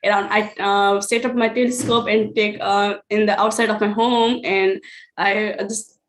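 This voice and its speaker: A woman's voice: medium pitch, flat delivery, normal speed, a little hiss or hum. A woman telling an online star party about her outreach work, speaking hesitantly with many fillers over a video call. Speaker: outreach presenter.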